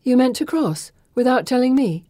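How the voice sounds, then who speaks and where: A woman voicing a bold teenage girl warrior who speaks bluntly and briskly. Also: high-pitched, expressive, dark tone, no echo, studio quality, pitched above the performer's own voice.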